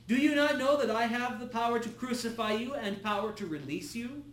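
A man's voice: very high-pitched, fairly quick, fairly bright tone, pitched above the performer's own voice. A man voicing an uneasy Roman governor, asking raised, pressing questions. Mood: pleading. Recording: echoey room.

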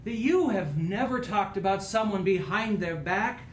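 A man's voice: sits high, lively intonation, moderate pace, roomy sound, a little hiss or hum, low-quality recording. A man preaching a sermon as pastor, with an earnest, rising and falling preaching cadence.

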